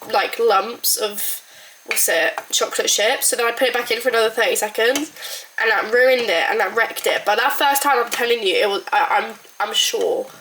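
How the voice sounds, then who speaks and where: A woman's voice: mid-range voice, sharp tone, echoey room, a little hiss or hum, rough recording. A woman vlogging as she bakes in her home kitchen, rambling casually and poking fun at herself. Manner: chatty, rambling, self-deprecating, full of "like". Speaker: baking vlogger. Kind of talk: casual chat to camera.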